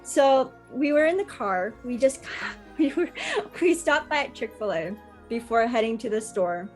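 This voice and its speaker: Podcast host woman in her 30s, high voice, unhurried, laughs through her stories. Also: animated, a little mellow, soft background music. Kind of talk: casual chat and funny storytelling.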